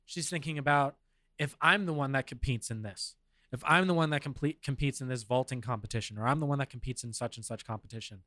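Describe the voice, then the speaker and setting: A man's voice: mid-range voice, fast, sharp tone, dry recording, clean studio sound. A man co-hosting a casual podcast, thinking aloud and reading news notes with fillers. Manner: reflective, reads notes with fillers. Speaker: podcast co-host.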